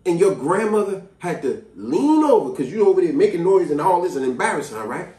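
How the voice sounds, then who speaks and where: A man vlogger tells a story in an emphatic, chatty way. His voice rises and falls with feeling and sits a little high for a man. The sound is roomy and distant. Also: brisk. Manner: animated, emphatic, conversational. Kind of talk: storytelling to camera. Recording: echoey room, distant mic.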